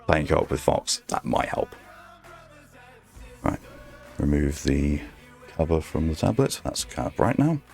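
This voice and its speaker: A man streaming his art, talking softly in an ASMR-style murmur right on a close microphone, rambling to himself as he draws. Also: a bass voice, big pitch swings, a little slow, gravelly, long pauses. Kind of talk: soft ASMR-style stream chat while drawing. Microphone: very close desk microphone. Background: faint background music.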